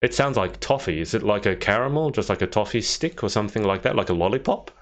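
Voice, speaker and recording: A man's voice: on the low side, expressive, fast talker, muffled recording. A man hosting an interview, chatting in a friendly, slightly hesitant way. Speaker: interview host. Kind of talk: casual interview chat. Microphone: video call.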